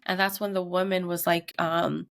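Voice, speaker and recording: Mom animatedly retelling a scary story. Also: female voice, lowish voice, normal speed, vocal fry. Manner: animated retelling with acted quotes. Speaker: podcast co-host. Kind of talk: casual storytelling chat.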